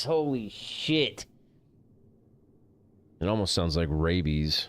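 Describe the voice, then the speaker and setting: A man's voice: deep voice, big pitch swings, very slow, pauses often. A man streaming a game, ranting casually and profanely, rambling and getting heated. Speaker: gaming streamer. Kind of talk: casual rant over gameplay.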